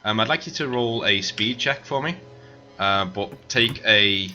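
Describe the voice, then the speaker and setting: A man narrating a tabletop game as game master, halting with many fillers. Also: on the low side, bright, forceful tone, muffled recording, soft background music.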